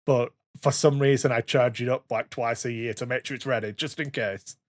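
A man in his thirties, hosting a casual podcast chat and telling animated stories full of swearing and quoted voices. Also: medium pitch, normal speed, dry recording. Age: 30s. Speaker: podcast host.

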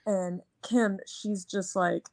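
A woman's voice: mid-range voice, steady tone, takes it slowly, darkish tone, no room sound. A woman co-hosting a casual movie review chat, talking enthusiastically and rambling with lots of filler words. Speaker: podcast co-host.

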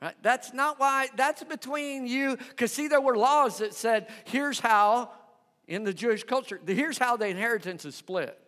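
A male pastor with a high, animated voice delivers a sermon in a church sanctuary, taking his time. He preaches in a conversational way and poses questions to the congregation, and a long church-hall reverb trails his words.

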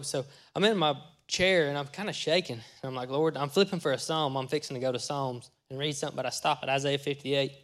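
Folksy pastor, higher-pitched man. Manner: folksy storytelling, acting out his own lines with sudden loud bursts. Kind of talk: testimony sermon.

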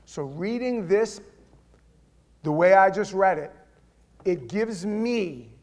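A male pastor delivering a sermon, direct and conversational, swinging between loud emphatic reading and quiet, intimate asides. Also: sits high, animated, slow.

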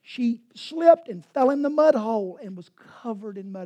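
A woman preaching a sermon in a storytelling way, swinging from loud passages to hushed whispers. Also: on the high side, lively intonation, normal speed, few pauses.

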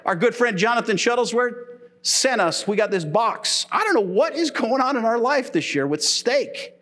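A middle-aged man preaches from the pulpit, telling funny stories with an animated, playful delivery. His voice sits high and leaps all over the place. The pitch swings widely, and he laughs freely between his points. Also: normal speed. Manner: animated, humorous storytelling preaching, laughs often. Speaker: pastor. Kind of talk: sermon. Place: church.

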